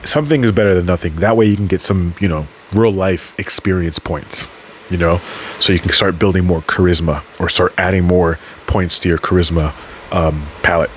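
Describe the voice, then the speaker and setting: A man's voice: low-pitched, normal speed, a little hiss or hum. A man hosting a podcast in a casual, rambling monologue, swearing freely and often correcting himself mid-sentence. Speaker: podcast host.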